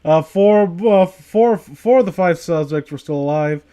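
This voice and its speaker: A man's voice: fairly high pitch, a little slow, mellow, smooth. A man reading a horror story aloud to friends, stumbling over words and breaking off to joke and laugh. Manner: stumbles and restarts often, laughs a lot. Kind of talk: casual reading with jokey commentary.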